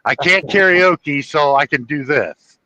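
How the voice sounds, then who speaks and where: A man's voice: on the high side, a little slow, lo-fi sound, crowd noise. A man hosting a live stream in casual chat, telling anecdotes and laughing often. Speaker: host.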